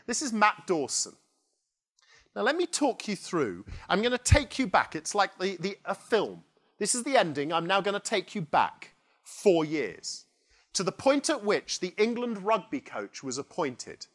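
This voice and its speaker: A man giving a conference keynote, telling a story in an animated way and acting out the people in it. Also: high-pitched, unhurried. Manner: animated, acts out quoted characters. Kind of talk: storytelling presentation. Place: conference hall.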